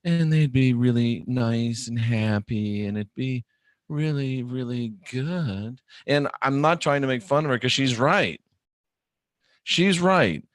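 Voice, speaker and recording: Blunt, animated man host. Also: medium pitch, slow, dry recording, studio quality. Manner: blunt, animated, swings into loud mock shouting. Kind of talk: live online show monologue.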